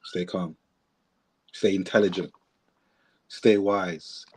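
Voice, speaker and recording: A man's voice: sits low, fairly even intonation, takes it slowly, husky. A man co-hosting a podcast, commenting in a casual, reflective way with emphatic repeated phrases. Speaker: podcast co-host.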